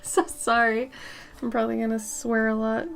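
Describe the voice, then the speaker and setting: Painting on a live stream, a young woman talks at a moderate pace in a slightly high, creaky voice with flat delivery. She's chatty and a little sniffly from allergies, answering messages she reads out from viewers and swearing when she sneezes.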